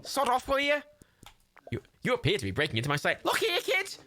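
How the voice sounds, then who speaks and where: Man putting on a high Scouse scrapper. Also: wildly swooping pitch, a little fast, bright, forceful tone, heavily acted. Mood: gruff. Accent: Liverpool. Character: scrappy middle-aged male Scouse scavenger.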